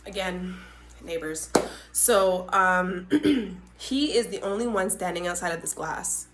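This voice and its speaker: Animated young woman telling a story. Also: fairly low pitch, a little slow, noisy background. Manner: animated, dramatic retelling with frequent asides to listeners. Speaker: podcast host. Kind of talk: casual storytelling.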